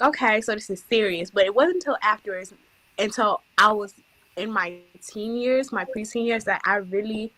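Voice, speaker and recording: A woman's voice: mid-range voice, sharp tone, dry recording, rough recording. A young woman, the daughter, reflecting on the past in a hesitant, casual way. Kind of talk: casual family conversation.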